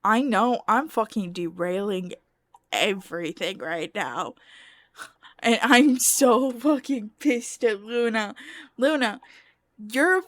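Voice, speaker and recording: Casting: young woman streamer, fairly high voice, unhurried, cussing and laughing. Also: a bit bright, no echo. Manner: profane, exasperated, laughing often. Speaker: livestreamer. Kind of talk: casual gaming stream chat.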